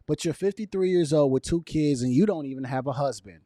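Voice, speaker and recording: A man's voice: a little high, a little fast, few pauses, warm tone, no echo, studio quality. A man giving casual opinion commentary to camera, emphatic and repetitive, with chuckles between his points. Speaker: video commentator.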